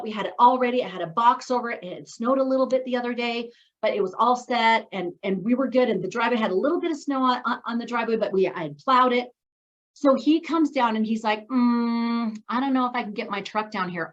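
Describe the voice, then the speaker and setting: A middle-aged woman coaching a women's group, bubbly and excitable, telling stories with lively asides. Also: fairly high pitch, muffled recording. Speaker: business coach leading a women's group meeting. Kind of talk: animated meeting talk with storytelling.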